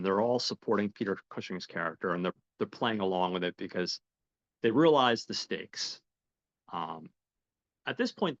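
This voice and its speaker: Halting man retelling a film, low voice. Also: no echo, highs cut off. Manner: retells scenes, briefly voicing characters; halting, repeats words and says um often. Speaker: podcast host. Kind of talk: casual film recap.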